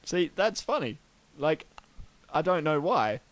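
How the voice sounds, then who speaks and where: A man's voice: fairly high pitch, sing-song, slow pace, a bit bright. A young man co-hosting a casual podcast, talking loosely with lots of fillers and a wry tone. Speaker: podcast co-host.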